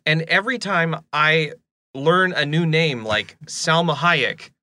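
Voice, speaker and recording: A man co-hosting a podcast in loose, casual chat. His voice is bright and forward, and his pitch swings widely as he talks. He stumbles and restarts, poking fun at himself. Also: takes it slowly, no echo. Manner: animated, self-deprecating, stumbles and restarts. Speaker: podcast co-host.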